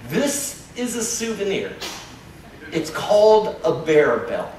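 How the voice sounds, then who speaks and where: A man's voice: sits high, sing-song, takes it slowly, a little mellow. A man giving a playful, joking live lecture about wildlife in a large hall, recorded from far off. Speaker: nature lecturer. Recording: echoey hall from far off, noisy.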